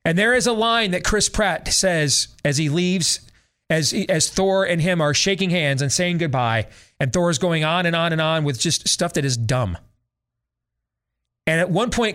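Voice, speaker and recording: With a clean, fairly bright voice on the high side, a middle-aged man hosting a talk show tears into a film. His opinionated review is sarcastic and emphatic, and he sounds thoroughly exasperated.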